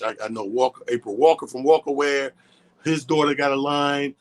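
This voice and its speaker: A man's voice: mid-range voice, steady tone, a little fast. A man, a comic co-hosting a radio show, chatting loosely and swearing casually. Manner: loose, profane, conversational.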